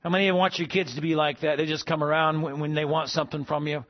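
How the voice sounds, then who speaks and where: Guy pastor preaching a sermon, pretty high voice, calls out to the crowd, kinda muffled recording. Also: level tone, fast talker. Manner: preaching with call-and-response asides.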